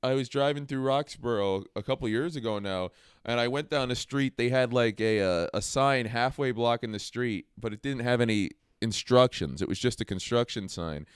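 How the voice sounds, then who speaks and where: A young man hosting a podcast in a deadpan, crude, sardonic way. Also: mid-range voice, moderate pace, clear, resonant tone, no echo, clean studio sound. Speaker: podcast host. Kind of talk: casual chat.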